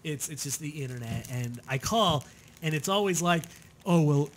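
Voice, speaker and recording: A man's voice: fairly high pitch, moderate pace. A young man co-hosting a comedy podcast, ranting casually with plenty of swearing. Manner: profane, animated ranting with laughs. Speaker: podcast co-host.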